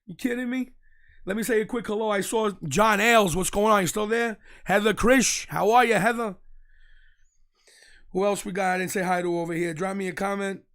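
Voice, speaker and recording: A brash host tells a story in a high, gravelly voice. He mocks and jeers as he goes, and his voice stays fast and animated. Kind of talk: casual live-stream rant.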